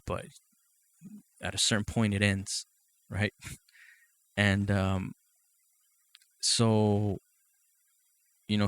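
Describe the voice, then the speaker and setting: A man's voice: on the low side, dry recording. A man hosting his own podcast in a casual, profane, rambling monologue, often laughing and asking "you know what I mean". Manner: laughs often between thoughts. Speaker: podcast host.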